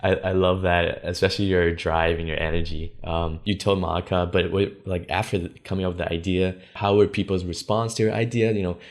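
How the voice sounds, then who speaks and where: A man hosting a podcast, reading a steady scripted intro and asking interview questions. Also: sits low, a little fast, few pauses. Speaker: podcast host.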